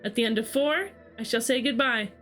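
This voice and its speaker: Woman doing a bossy storybook queen, brisk, commanding, fairly high voice. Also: fairly bright tone, faint music behind, lightly acted. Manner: brisk, commanding, matter-of-fact.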